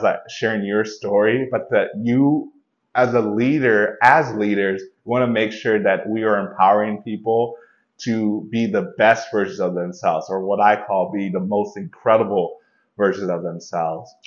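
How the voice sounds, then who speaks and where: A man with a somewhat low voice gives a reflective, motivational solo talk. He speaks conversationally, restarting his phrases. The recording sounds a little dull and lo-fi. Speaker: podcast host.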